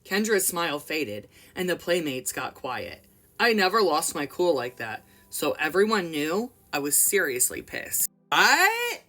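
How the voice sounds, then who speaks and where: A woman's voice: deep voice, sing-song, a little slow, a bit bright. A young woman reading a memoir aloud expressively, breaking off for casual commentary. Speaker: book reader and commentator.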